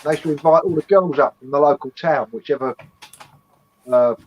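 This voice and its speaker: Brief: middle-aged English man, fairly high, blunt sweary co-host trading army stories. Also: fairly quick, a little mellow, poor audio. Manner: swearing, blunt barracks banter. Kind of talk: casual chat.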